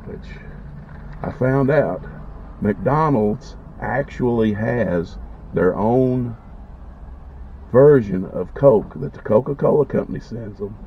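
Eating on camera, a food vlogger chats with his mouth full and enjoys every bite. He speaks slowly in a mid-range voice, leaving long pauses, over a dull lo-fi recording carrying a little hiss or hum.

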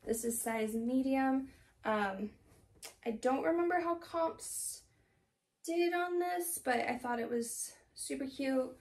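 Chatty young woman, gravelly and distant. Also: high voice, slow, a little mellow. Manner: chatty, rambling, laughs often. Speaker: thrift haul vlogger. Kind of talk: casual haul chat. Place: home room.

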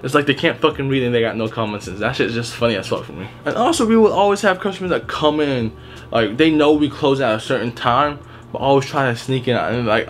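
A man's voice: mid-range voice, slight background noise. A young man telling work stories in a casual vlog, blunt and heavily profane, rambling with restarts. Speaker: retail worker telling stories.

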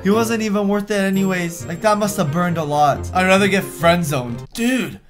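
A man's voice: sits high, fairly quick, soft background music. A young man hosting a reaction video, reading texts aloud and commenting sarcastically. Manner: sarcastic, reads texts aloud in put-on voices.

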